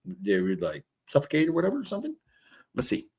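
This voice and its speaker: A man's voice: on the high side, wildly swooping pitch, fast, darkish tone, slightly rough. A man in his fifties hosting a casual livestream, rambling and swearing as he reads chat comments. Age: 50s. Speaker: livestream host. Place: hotel room.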